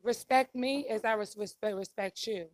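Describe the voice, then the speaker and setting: A woman's voice: mid-range voice, normal speed. A woman on a discussion panel speaking firmly and with assurance about her standards. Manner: firm and self-assured, states her standards. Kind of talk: casual panel debate.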